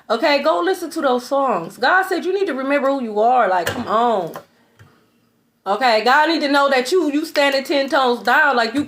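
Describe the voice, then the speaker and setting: High-voiced woman giving a blunt tarot reading. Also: fairly bright tone. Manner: emphatic and preachy, keeps asking "okay?"; blunt, swears, laughs in scorn. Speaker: tarot reader. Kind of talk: spiritual tarot reading monologue.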